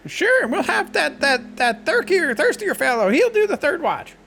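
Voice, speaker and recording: Man doing an old hermit: creaky, swooping, muddled rambler. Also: very high voice, sing-song, normal speed, sharp tone, full character voice. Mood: drowsy, rambling. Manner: rambling, muddled, trips over words. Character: the Hermit, an eccentric old male hermit. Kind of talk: tabletop game role-play.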